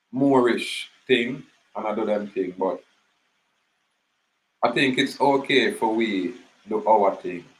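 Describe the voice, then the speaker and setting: A man's voice: fairly low pitch, low-quality recording. A man from Jamaica with a Jamaican Patois accent, talking in a loose, rambling monologue and telling stories. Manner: rambling, animated storytelling in Patois. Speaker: channel host. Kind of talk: casual monologue.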